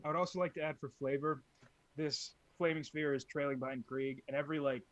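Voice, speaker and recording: A man's voice: fairly high pitch, little pitch movement, brisk, fairly bright tone, lo-fi sound. A man playing a tabletop game, describing his actions in a playful, jokey way. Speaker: player. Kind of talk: casual tabletop game play.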